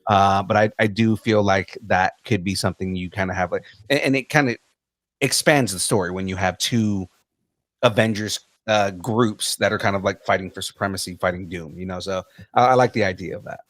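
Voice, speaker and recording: A man hosting a pop-culture podcast, playful and energetic, with plenty of fillers as he thinks aloud. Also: low voice, a little fast, no echo. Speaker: podcast host. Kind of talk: casual chat.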